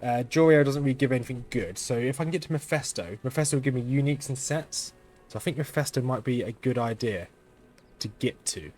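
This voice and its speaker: A man hosting a let's-play, talking through his game in a flat, understated way as he thinks aloud. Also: mid-range voice, fairly quick, faint music behind. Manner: monotone, understated delivery; thinking aloud while playing. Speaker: gaming channel host.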